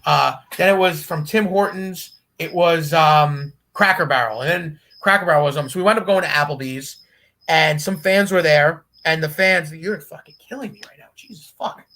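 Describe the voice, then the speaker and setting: A man guesting on a podcast, telling a profane, animated road story and laughing as he goes. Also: fairly high pitch, moderate pace. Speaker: guest wrestler. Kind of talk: casual storytelling.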